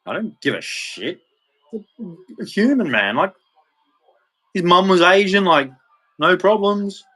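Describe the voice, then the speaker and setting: An Australian man in his thirties speaks in a blunt, heated monologue and swears freely as he vents. His voice sits somewhat high for a man. He talks casually and plainly, without polish. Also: expressive, takes it slowly, sharp tone. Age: 30s. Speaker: vlogger.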